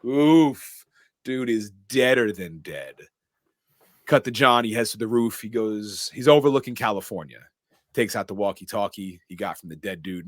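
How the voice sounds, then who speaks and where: A low-voiced man recaps a movie plot scene by scene in casual podcast chat. He is animated, jumping into short voices for each character. The sound is dry and close to the mic. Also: dry recording. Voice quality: animated storyteller, doing quick character voices. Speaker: podcast co-host recapping a film.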